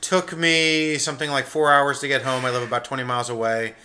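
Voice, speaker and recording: A man's voice: mid-range voice, flat delivery, fairly quick, bright, forceful tone, a little hiss or hum. A man co-hosting a podcast, telling loose, joking stories in casual chat. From Pennsylvania, USA. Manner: rambling, joking, loose storytelling. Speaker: podcast co-host.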